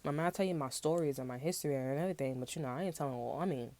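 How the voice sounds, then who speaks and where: Low mellow woman doing a chill tarot reading, slangy, rambling, cusses a lot. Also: rapid-fire. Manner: slangy and rambling, swears freely. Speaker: tarot reader.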